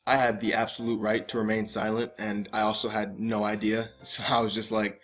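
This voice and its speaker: A man's voice: fairly low pitch, completely flat delivery, fairly quick, few pauses, fairly bright tone, faint music behind. Stammering, swearing young man telling a story. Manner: stammering, profane, laughing asides. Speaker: vlogger. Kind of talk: casual storytime.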